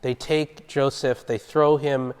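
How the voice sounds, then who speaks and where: A man of ordinary pitch leads a Bible study, explaining the passage in a relaxed, conversational way and stopping to quiz his listeners. His voice rings with the long reverb of a large church hall. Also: slow pace, clear, resonant tone. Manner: conversational, explaining and asking the group questions.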